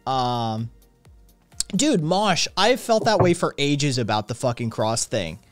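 A man hosts a live stream in a casual, jokey way, full of sarcasm and swearing. His pitch sits in the middle, and his voice sounds dry and close to the mic. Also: very animated, slow pace, no room sound, faint music behind. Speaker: stream host. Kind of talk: casual chat.

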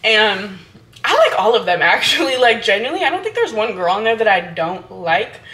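A woman's voice: medium pitch, big pitch swings, moderate pace, bright, forceful tone. A woman in her twenties from Hawaii, chatting frankly to camera in a casual vlog, full of fillers and easy swearing. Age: 20s. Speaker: vlogger.

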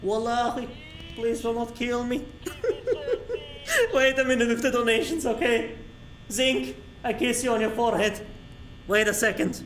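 A young man streaming a horror game, reacting excitably, swearing often and shouting when startled. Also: very high voice, moderate pace.

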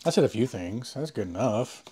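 A man's voice: medium pitch, animated, moderate pace, warm tone, a little hiss or hum. A man in the middle of his range talks loosely as he opens a box of cards. He swears often and makes crude jokes. He speaks right into a close mic that he says he sometimes overloads. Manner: crude joking, swears freely, rambling. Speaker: host opening a card box. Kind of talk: casual chat while unboxing.

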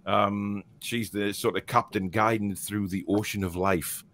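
A man's voice: on the low side, fairly even intonation, measured pace, a bit bright, slight background noise. A man hosting a live fan stream, reading out comments with sarcastic, mock-exasperated asides. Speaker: host reading viewer comments. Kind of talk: casual live-stream chat.

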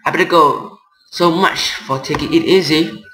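A man's voice: fairly high pitch, normal speed, bright, forceful tone, a little hiss or hum. A man giving casual commentary while playing a horror game, chatting and reading game text aloud. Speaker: gameplay reaction streamer. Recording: echoey room.

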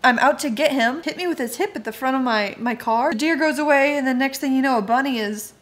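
A woman's voice: high voice, fast talker. A young woman casually telling a story to camera, chatty and laughing as she goes. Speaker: vlogger.

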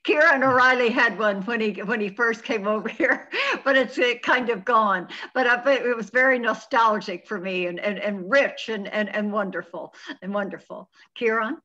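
A woman's voice: fairly high pitch, normal speed, bright, forceful tone. A woman, a theatre artistic director on a video call, speaking effusively and repeating words. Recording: dull lo-fi video call audio.

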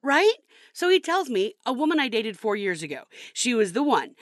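Actress doing a heartbroken dumped girl, kinda high, dry recording, bitter and ranting. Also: big pitch swings, normal speed, no room sound. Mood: indignant. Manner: bitter, sarcastic, rambling storytelling. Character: heartbroken young woman dumped by her boyfriend. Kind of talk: comedy sketch acting.

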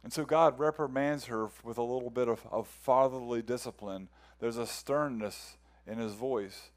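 A man's voice: mid-range voice, moderate pace. Earnest male pastor preaching. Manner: earnest, repeats words as he builds a point. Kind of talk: sermon.

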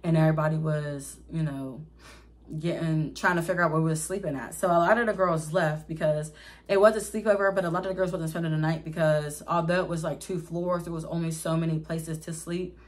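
A young woman with a fairly low voice tells a storytime vlog in a loose, chatty way. She talks straight to her viewers, calls them y'all and tells things candidly and with drama. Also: fairly even intonation, fairly quick. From Pittsburgh area, USA. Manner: candid, dramatic retelling with slang. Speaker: vlogger. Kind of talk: casual storytime.

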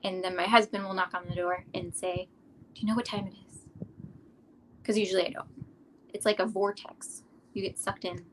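A middle-aged woman, an artist, chatting casually in an interview, relaxed and rambling with frequent ums. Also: medium pitch, normal speed, pauses often, a little hiss or hum, poor audio. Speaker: artist guest.

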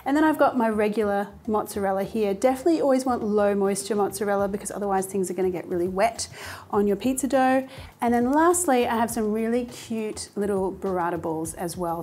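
A woman's voice: medium pitch, a little mellow, a little hiss or hum. A woman hosting a cooking show, chatting casually and explaining each step in an upbeat way as she cooks in a kitchen. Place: home kitchen.

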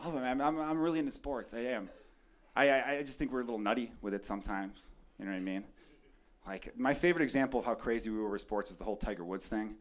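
A man from Chicago performing a profane, excitable stand-up comedy set on a club stage, with a handheld mic. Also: mid-range voice, fast talker. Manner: brash, profane, excitable bits. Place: comedy club stage before a live crowd. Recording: live club recording with crowd laughter. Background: audience laughter.

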